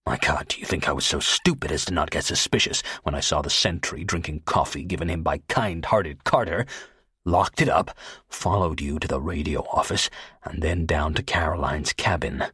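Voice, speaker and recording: A man's voice: a bass voice, moderate pace, sharp tone, slightly rough, dry recording, clean studio sound, heavily acted. A male audiobook narrator voicing a cold, vicious young gunman who talks with venom. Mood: menacing. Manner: menacing, venomous. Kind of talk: audiobook character voice.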